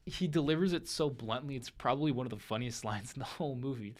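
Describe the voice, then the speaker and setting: A young man hosting a movie review show, retelling a film's plot in a casual, animated monologue and briefly acting out the characters' lines. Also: mid-range voice, quick pace. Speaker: podcast host reviewing movies.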